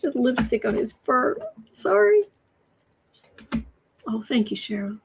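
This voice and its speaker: A woman's voice: fairly high pitch, big pitch swings, takes it slowly, creaky, noisy background. An American woman hosting a casual political livestream, reading headlines aloud and reacting with exasperation. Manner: exasperated, reads headlines aloud, coos to her cat. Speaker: livestream host.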